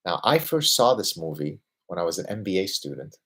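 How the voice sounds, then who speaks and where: This man, in his fifties, runs a livestream question-and-answer session. His voice is deep and slightly rough, his pace brisk. He hammers his points home with a rhetorical "right?" and grows lively and excited discussing what he loves.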